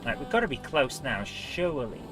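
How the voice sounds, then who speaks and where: A man's voice: medium pitch, sing-song, normal speed, music in the background. A man hosting a let's play, talking casually over his gameplay with frequent exclamations and mild swearing. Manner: exclamatory, swears and laughs at his own driving.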